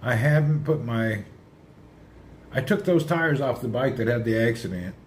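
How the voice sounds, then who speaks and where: A man chatting casually on a livestream, rambling and answering his viewers' comments out loud. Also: medium pitch, animated, normal speed, slight background noise.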